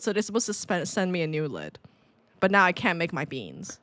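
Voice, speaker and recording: A woman co-hosting a podcast in casual chat, animated and laughing often, with many fillers. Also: medium pitch, normal speed, no echo, studio quality. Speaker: podcast co-host.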